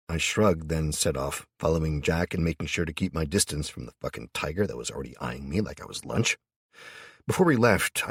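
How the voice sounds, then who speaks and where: Deep, husky male audiobook narrator. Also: no room sound, studio quality. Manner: casual, profane first-person storytelling. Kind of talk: scripted first-person narration.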